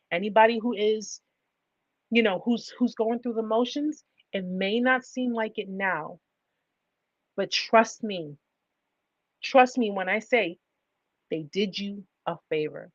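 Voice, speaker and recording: A woman's voice: a little high, no echo, lo-fi sound. A woman hosting a livestream advice talk, speaking emphatically and driving points home with repeated rhetorical questions. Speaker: livestream host.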